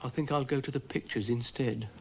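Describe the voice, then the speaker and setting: A man's voice: medium pitch, steady tone, fairly quick, darkish tone, slight background noise, lightly acted. A man voicing a grumpy, self-important male dog who directs a film, with a weary, exasperated and pompous manner.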